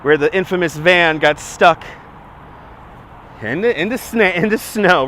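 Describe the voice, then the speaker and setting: A man with a high, fairly bright voice keeps a measured pace as he hosts a live walking stream from a gimbal-mounted phone on a city street. He warmly greets viewers by name in a chatty, upbeat way, with a slightly stuffy nose that may make his voice crack. Faint traffic and street noise is audible.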